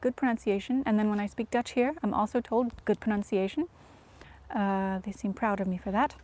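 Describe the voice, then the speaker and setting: A woman vlogger chatting casually to viewers, soft-spoken and often dropping to a whisper, self-deprecating. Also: mid-range voice, a little fast.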